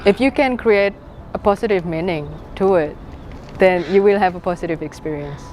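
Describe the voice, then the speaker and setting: A woman's voice: lowish voice, normal speed, a little mellow, a little hiss or hum. A woman interviewed in a recorded feature, talking earnestly with fillers.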